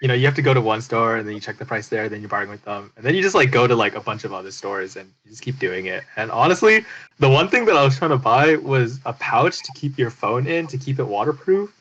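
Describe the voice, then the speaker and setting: A man tells a story on a casual podcast, relaxed and self-mocking. His voice sits at a medium pitch, neither high nor low. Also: fast talker, muffled recording. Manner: relaxed storytelling, laughs at himself. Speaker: podcast co-host. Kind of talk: casual chat.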